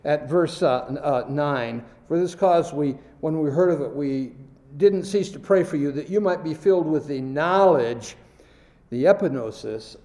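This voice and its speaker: A man's voice: a little high, mellow, roomy sound, rough recording. A man preaching a sermon, reading scripture aloud and stressing key words as he goes.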